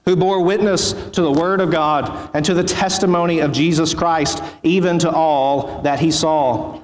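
A man preaching as pastor, reading scripture in a solemn, measured way before his sermon. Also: on the high side. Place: church sanctuary. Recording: echoey church hall.

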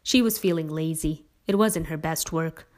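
A woman reads a family story aloud as a lively, expressive narrator. Her voice sits on the low side for a woman. The narration is steady and clear. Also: moderate pace.

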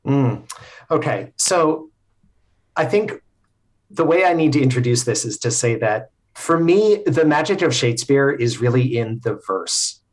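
A podcast guest with a mid-range voice explains things in a thoughtful, casual, animated way. He pauses on frequent fillers as he works his way through a story.

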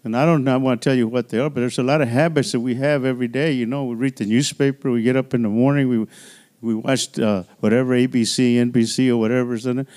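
A male pastor preaches loosely and conversationally, peppering his sermon with "you know" and "hallelujah" and often repeating or restarting words. His medium-pitched voice is fast, steady in tone, and darkish.

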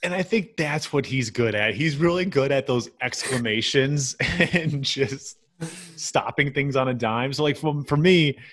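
A man hosting a relaxed podcast conversation, his voice sitting at an ordinary middle pitch. He laughs easily and keeps the talk moving with loose fillers and quick restarts. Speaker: podcast host. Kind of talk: casual chat.

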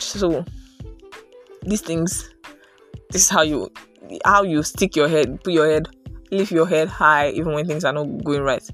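A young woman giving an earnest, casual motivational talk. She fills her speech with "like" and "right?". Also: sits low. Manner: earnest, animated, many fillers like "like" and "right?". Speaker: motivational podcaster.

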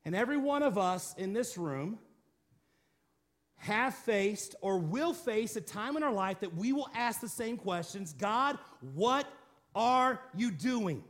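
High-voiced man preaching a dramatic sermon. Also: animated, a little slow. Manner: dramatic preaching, drops to quiet low tones for emphasis. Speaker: pastor.

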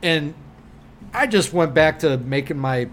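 A man co-hosting a podcast tells a story in casual conversation, his voice a little high and his pace normal. He's animated, swears constantly and acts out what people said.

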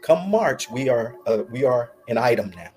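Animated middle-aged man telling a story. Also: mid-range voice, moderate pace, over music. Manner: laughs often, animated storyteller acting out quotes. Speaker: podcast guest. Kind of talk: casual storytelling.

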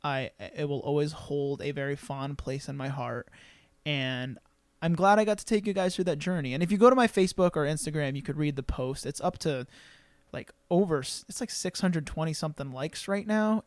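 A man's voice: a little high, normal speed, dry recording. Earnest man telling a personal story. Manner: emotional, earnest, lots of fillers and restarts. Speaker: podcast host.

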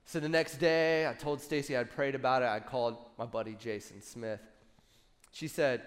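A man in his thirties preaching a sermon in a somewhat higher voice. He tells his story with animated energy and turns to the congregation with quick asides. His voice carries a long reverb from a large church hall. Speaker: worship pastor.

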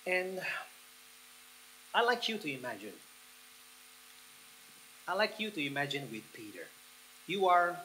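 A man preaching a sermon, leading the listeners through a guided picture with slow, soft pauses that build into excited passages. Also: mid-range voice, a little hiss or hum, low-quality recording. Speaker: pastor.

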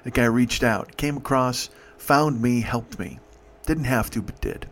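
A man hosting a podcast, telling a personal story in an emotional, profane way, halting and restarting. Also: medium pitch, fairly bright tone. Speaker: podcast host.

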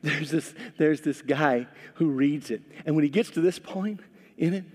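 A middle-aged male pastor delivers a sermon in a chatty, repeating style, with a slightly higher voice than most men. He swings into animated emphasis at times. His voice rings with the long reverb of a church hall. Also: normal speed. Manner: conversational preaching, repeats words, rises to animated emphasis.

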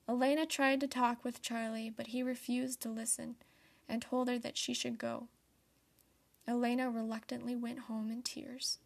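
A young woman in her late teens reading a storybook tale aloud in a soft, steady manner. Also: on the high side, moderate pace, creaky. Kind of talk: storybook narration.

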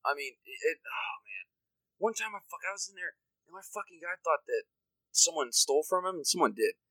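A young man spins rambling, profane stories in a casual chat. His pitch rises and dips all over the place. The voice is bright and dry, right up close. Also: animated, brisk, no room sound, poor audio.

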